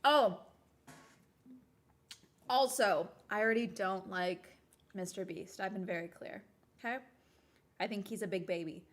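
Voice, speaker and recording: A woman's voice: medium pitch, unhurried, pauses often. A young woman from the United States chatting casually on a livestream, rambling and sarcastic as she talks to her chat. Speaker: streamer.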